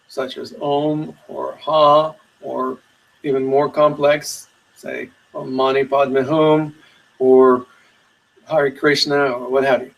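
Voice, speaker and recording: A man teaching meditation in a webinar, giving slow, soothing guided instructions with long pauses. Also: fairly high pitch, recorded from a distance, poor audio.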